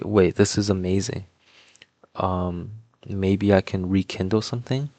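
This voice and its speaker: A young Toronto man with a low voice, recorded dry, rambles through a personal story as a vlogger. His casual telling is stuffed with "like" and "um," and he stays laid-back, mumbling asides while he works on a puzzle.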